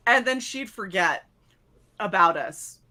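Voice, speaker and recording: Bright-voiced woman telling boot camp stories. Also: mid-range voice, takes it slowly. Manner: profane, animated, acts out drill instructors in a loud mock voice. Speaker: stream co-host. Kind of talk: casual chat, swapping basic training stories.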